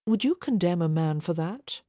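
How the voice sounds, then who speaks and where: A woman voicing a confident, presumptuous Russian nobleman with a soft Russian accent and a mild, assured manner, in an audiobook. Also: fairly low pitch, lively intonation, normal speed, dry recording, clean studio sound. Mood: smooth, teasing. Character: Russian prince, smooth, confident, presumptuous man.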